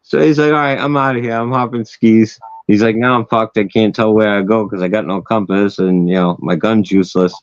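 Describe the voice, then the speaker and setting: A man hosting a loose, casual chat, spinning a long story full of swearing and chuckling at his own punchlines. His voice sits on the low side. The recording is dry and a little dull and lo-fi. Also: fairly even intonation, brisk, few pauses, darkish tone, no echo. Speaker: host.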